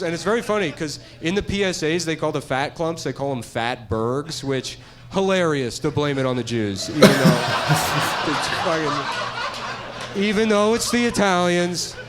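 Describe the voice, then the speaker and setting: A middle-aged man doing a stand-up comedy set, rambling and deadpan, laughing at his own jokes. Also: fairly high pitch, noisy background.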